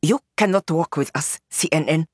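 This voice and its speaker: A woman's voice: on the low side, big pitch swings, measured pace, husky, no room sound, clean studio sound, full character voice. A woman voicing a bold, mocking young protest leader.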